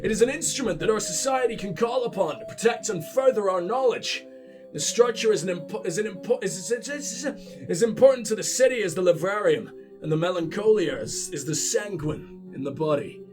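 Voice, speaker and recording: Guy reading as a pompous old city founder, mock-formal and grand, higher voice, bit stuffy. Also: expressive, brisk, music in the background. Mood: mock-solemn. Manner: mock-formal reading in a failed Irish accent.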